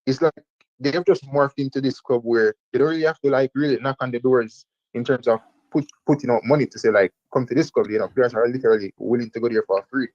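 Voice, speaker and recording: A man co-hosting a casual football talk show, talking quickly and hedging with fillers. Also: mid-range voice, steady tone, darkish tone, dry recording, highs cut off. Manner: quick, hedging with "like" and "you know". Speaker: co-host.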